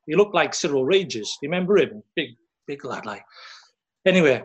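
A man's voice: a little high, lively intonation, a little fast, husky, dull audio. A man telling a long casual story about his playing days, full of "like" and "you know what I mean". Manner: rambling, lots of "like" and "you know". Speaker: former footballer guest.

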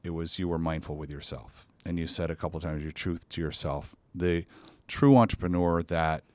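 A man's voice: low voice, moderate pace, darkish tone, dry recording. A man hosting a podcast in casual chat, effusive and enthusiastic in his praise. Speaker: podcast host.

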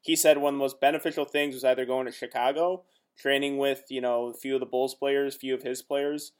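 A man's voice: medium pitch, flat delivery, fairly quick, smooth. A man, a competitive powerlifter, talking earnestly in a casual chat and rambling a little.

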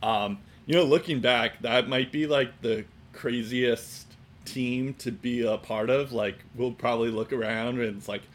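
A man co-hosting a casual sports chat, rambling and filling every pause with "like" and "um". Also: medium pitch, steady tone. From Boston area. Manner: rambling, heavy on fillers like "like" and "um". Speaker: sports podcast co-host.

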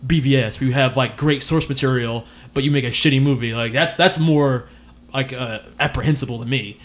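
A man's voice: medium pitch, a little fast. Laughing, swearing male podcast host. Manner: laughs often, swears freely, animated. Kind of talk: casual movie chat.

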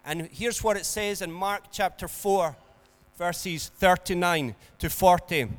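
Male preacher, earnest sermon delivery, unhurried, reverberant hall sound. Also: sits high. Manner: earnest, builds to emphatic peaks then drops soft.

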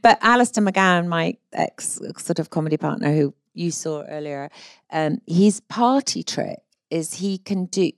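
A woman on a live theatre panel talks with joking, self-deprecating humour. Her voice sits at a middling pitch, and the sound is dry and close. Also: darkish tone, no echo. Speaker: panel guest, comic actor. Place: theatre stage with live audience.

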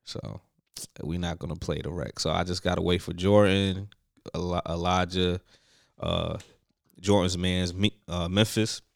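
A man's voice: low-pitched, steady tone, measured pace, gravelly, no echo. A young man hosting a podcast, telling stories in casual chat, loose and full of slang and fillers. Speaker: podcast host.

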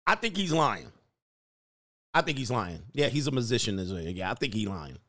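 A man's voice: fairly low pitch, sing-song, moderate pace, dry recording, clean studio sound. A man hosting a casual livestream, joking and reading news stories aloud in slangy talk. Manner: loud, joking, slangy, reads articles aloud. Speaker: livestream host.

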